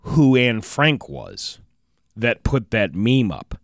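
A man co-hosting a radio show, trading wry jokes and quick asides. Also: mid-range voice, big pitch swings, gravelly, dry recording, clean studio sound. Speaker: radio co-host. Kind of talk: morning radio banter. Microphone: studio microphone.

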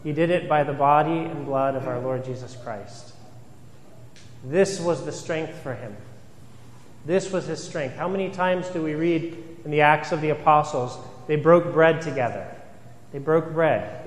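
A man, a priest, giving an earnest sermon, asking rhetorical questions and repeating key phrases for emphasis. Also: a little high. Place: church. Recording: reverberant church hall.

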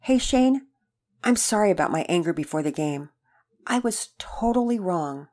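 A woman reading a storybook and voicing an earnest young boy who is eager to make things right, in a high, keen voice. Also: lively intonation, normal speed, dark tone.

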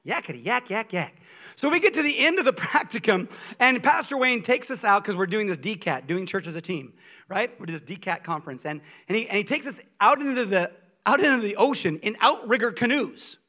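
High, bright-voiced preacher man. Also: a little fast. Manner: animated storytelling, humorous and emphatic. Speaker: guest preacher. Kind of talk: sermon.

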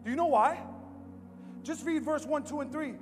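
A man preaching a sermon to a congregation in an animated, emphatic way, acting out the lines he quotes. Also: very high voice, normal speed. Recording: long hall reverb with music behind.

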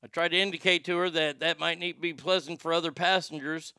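Comic host, high bright voice, crisp and dry, swings from shouting to muttering. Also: male voice, a little fast, dry recording. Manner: animated, swings between loud outbursts and muttered asides. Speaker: show host. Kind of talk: comedic podcast rant.

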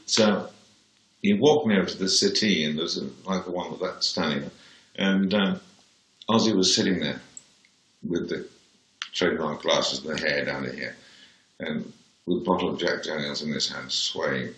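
A very low-pitched Englishman in his seventies speaks with a plummy accent. He tells anecdotes in a dry, blunt way, and his voice rings in an echoey room. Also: normal speed, pauses often, a bit bright. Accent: posh English, Birmingham-born. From England. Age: 70s. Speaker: interview guest. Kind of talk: anecdotal interview.

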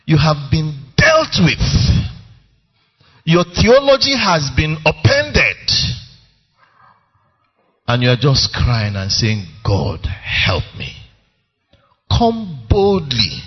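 Man, pastor; unhurried, highly animated sermon delivery in a reverberant, lo-fi hall. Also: husky, faint music behind. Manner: emphatic, calls for congregation response. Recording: reverberant lo-fi church recording.

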